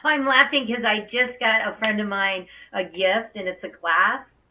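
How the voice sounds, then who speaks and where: Gushing bright-voiced woman talk show host. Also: medium pitch, a little slow, recorded from a distance, a little hiss or hum, low-quality recording. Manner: effusive, gushing, exclaims often. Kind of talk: enthusiastic talk show hosting.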